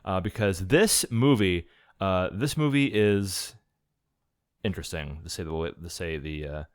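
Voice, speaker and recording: A deep-voiced man hosting a movie review podcast. He talks casually and haltingly, dropping lots of filler "uh"s between phrases. The recording is dry and close, with no room sound. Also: no room sound. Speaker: podcast host.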